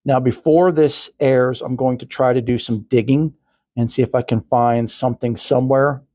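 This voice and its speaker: An older man hosts a podcast, reading a story aloud and breaking off for earnest, chatty asides. His voice sits at an ordinary middle pitch. The recording is dry and close, with no room echo. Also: steady tone, moderate pace, warm tone. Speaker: podcast host.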